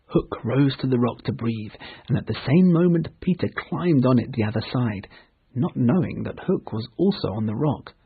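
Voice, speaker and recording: Male narrator, husky, mid pitch, slow clear reading, tinny phone-like audio. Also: expressive. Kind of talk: storybook reading for English learners.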